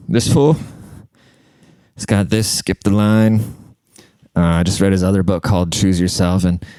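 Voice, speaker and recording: A man hosts his podcast and rambles through crude comedic stories, leaning on "like" as he goes. His voice sits a little low with a warm, dark tone. The sound is dry and close, with no room around it. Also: no echo. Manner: rambling and crude, heavy use of "like". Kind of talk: casual comedic storytelling.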